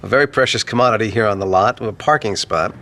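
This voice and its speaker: A man telling a story in an interview, animated and laughing as he goes. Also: on the low side, quick pace, a little hiss or hum. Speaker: cast member recalling a story.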